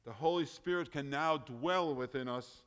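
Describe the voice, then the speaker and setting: A man preaching a sermon, emphatic, often rising in loudness and then dropping low. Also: normal speed, clean tone.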